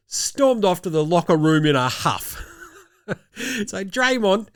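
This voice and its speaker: Australian host, young, jokey and chatty, higher voice, dry sound. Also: male voice, animated, unhurried, fairly bright tone, dry recording. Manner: jokey, rattling off stats. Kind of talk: casual chat.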